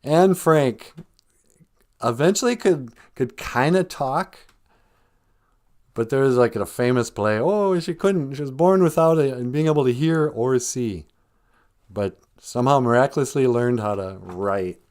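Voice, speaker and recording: Male comedy podcast host, deadpan and rambling, animated pitch. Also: unhurried. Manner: rambling, deadpan, mock-earnest. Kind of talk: deadpan satirical comedy monologue.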